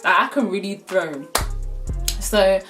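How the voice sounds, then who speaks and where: A woman's voice: medium pitch, takes it slowly, over music. A young woman telling a casual storytime, full of slang and swearing, with laughs through the telling. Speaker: vlogger.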